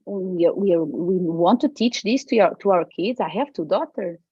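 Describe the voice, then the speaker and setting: Woman w portuguese accent, animated, keeps repeating herself, kinda husky. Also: fairly low pitch, moderate pace, dry recording, muffled recording. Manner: emphatic, repetitive, animated. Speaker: guest, traditional Chinese medicine practitioner. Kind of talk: podcast interview.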